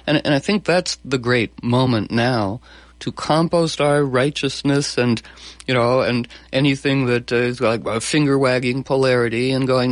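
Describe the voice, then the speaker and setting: A man hosting an interview, who talks in a rambling, animated way with many restarts. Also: mid-range voice, normal speed, dry recording. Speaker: host. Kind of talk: enthusiastic interview talk.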